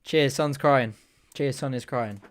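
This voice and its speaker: A young man hosting a live football watch-along, shouting at the match, swearing and groaning over his team. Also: mid-range voice, measured pace. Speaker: fan watch-along host.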